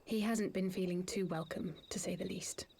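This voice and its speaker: An actress voicing a melancholy, reflective young woman in a game cutscene, speaking in a hushed half-whisper. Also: fairly low pitch, fairly even intonation, normal speed, vocal fry, a little hiss or hum. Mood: wistful.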